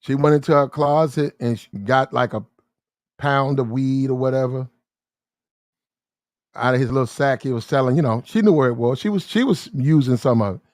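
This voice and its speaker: The recording is echo-free and studio quality, carrying a man's medium-pitched voice. Speaking in a rambling, repetitive street-slang monologue, he frequently switches fast into heated arguments, acting out the shouting.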